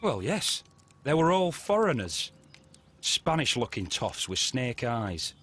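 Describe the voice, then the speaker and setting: An indignant grumbling passenger. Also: male voice, medium pitch, sing-song, slow, a bit bright, breathy edge, full character voice. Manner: aggrieved and complaining. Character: indignant adult male train passenger. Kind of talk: video game voice acting.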